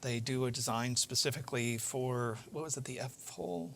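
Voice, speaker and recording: Male podcast host, mid-pitch, relaxed storyteller full of "uh"s and restarts, faint background hiss. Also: normal speed, creaky. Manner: animated anecdote-telling with many fillers and restarts. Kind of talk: casual storytelling in an interview.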